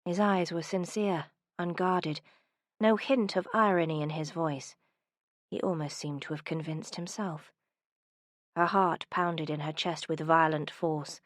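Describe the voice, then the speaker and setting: A woman with a lowish voice reads a romance novel aloud. Her delivery is soft and intimate. The sound is dry and close to the mic. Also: steady tone, unhurried, no room sound. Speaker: audiobook narrator. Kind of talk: scripted romance narration.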